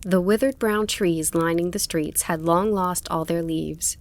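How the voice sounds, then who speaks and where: A woman narrating an audiobook in a calm, measured storytelling manner. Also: fairly low pitch. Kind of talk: scripted narration.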